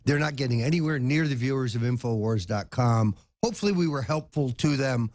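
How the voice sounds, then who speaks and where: A man's voice: medium pitch, animated, brisk, darkish tone. An older man as a talk show guest, emphatic and indignant, leaning hard on single words. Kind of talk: political talk show interview.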